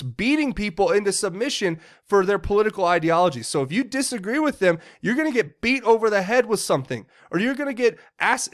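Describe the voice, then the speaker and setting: A man giving heated political commentary, indignant and often stumbling and repeating words. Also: high-pitched.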